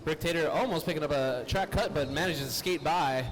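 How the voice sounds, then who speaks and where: Brief: male derby announcer, slightly high voice, quick jokes, live commentary. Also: a little hiss or hum, low-quality recording. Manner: jokey, upbeat banter. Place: roller derby venue.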